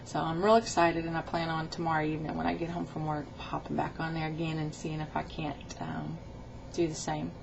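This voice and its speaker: A middle-aged woman with a lowish voice tells a rambling, chatty story into her webcam. The audio is dull and lo-fi, with a faint hiss underneath. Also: completely flat delivery, a little fast, creaky, hardly any pauses. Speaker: weight-loss vlogger. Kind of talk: casual video diary.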